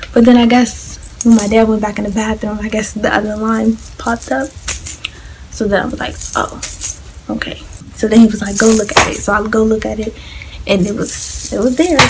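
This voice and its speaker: A young woman vlogger chatting casually through a personal story, animated and addressing viewers directly. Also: on the high side, a little hiss or hum, poor audio.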